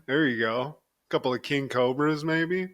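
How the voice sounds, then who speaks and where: A man's voice: mid-range voice, a little slow, a bit bright. A man co-hosting a podcast, recapping a show in a loose, laughing, casual way and often calling his co-host by name. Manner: keeps addressing co-host by name.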